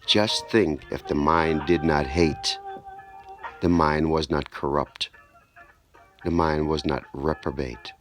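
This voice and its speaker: Slow, deep-voiced man preaching spoken word. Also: fairly even intonation, over music. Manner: slow, deliberate, repetitive emphasis.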